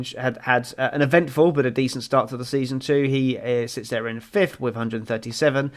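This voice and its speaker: A man co-hosting a casual motorsport podcast, rambling through results with plenty of ums and restarts. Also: medium pitch. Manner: rambling, runs through standings with many fillers. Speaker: podcast co-host.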